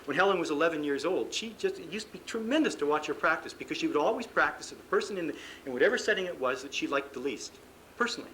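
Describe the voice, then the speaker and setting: A Canadian man lecturing at a seminar in a bright, slightly high voice. He talks fast, acts out the athletes he describes, and keeps stumbling into restarts and repeated words. The audio is an archival recording of a live talk. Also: slight background noise, low-quality recording. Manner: lively storytelling, acts out what athletes say. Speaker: sports psychologist giving a coaching seminar.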